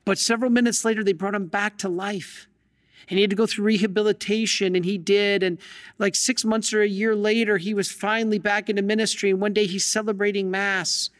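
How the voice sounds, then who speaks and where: High-voiced preaching priest, reverberant hall. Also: male voice, little pitch movement, fairly quick. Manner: emphatic storytelling with rhetorical questions. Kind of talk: sermon.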